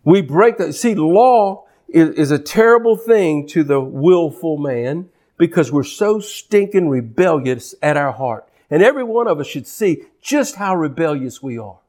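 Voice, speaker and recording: Male preacher, high voice, fervent sermon delivery with repeated phrases and acted-out quotes. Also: expressive, unhurried, hardly any pauses, a little mellow. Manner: impassioned, repeats and restarts phrases, acts out quoted speech.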